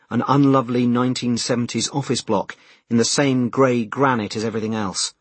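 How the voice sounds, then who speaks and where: A man reading an audiobook with a husky, slightly breathy tone and a measured, expressive delivery. His pitch sits in the middle range, and the recording is dry and close, with no room sound. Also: no echo. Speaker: narrator. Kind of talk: scripted audiobook narration.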